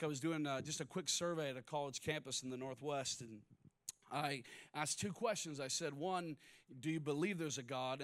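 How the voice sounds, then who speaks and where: A man preaching a sermon, moving between quiet personal stories and loud, rising exhortation. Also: fairly high pitch. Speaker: pastor.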